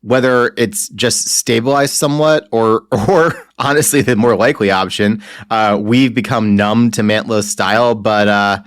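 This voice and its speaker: Brief: lower-pitched man, wry comic podcast co-host, dry studio sound. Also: fairly even intonation, dry recording. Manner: wry, measured recaps. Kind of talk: casual comic book podcast chat.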